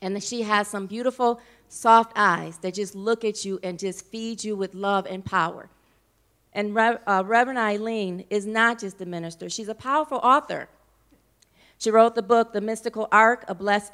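A woman's voice: mid-range voice, fairly even intonation, moderate pace, fairly bright tone, smooth. A woman minister with an American accent introducing a guest speaker in church, emotional and informal with playful asides.

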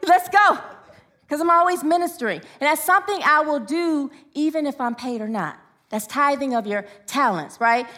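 A middle-aged woman minister preaches in a high voice, drifting into anecdotes and laughing at her own stories. Her tone is bright and forceful, and she jumps up in pitch when she acts out what others said. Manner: storytelling with frequent laughs and asides, rising excitedly for quotes. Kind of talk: sermon.

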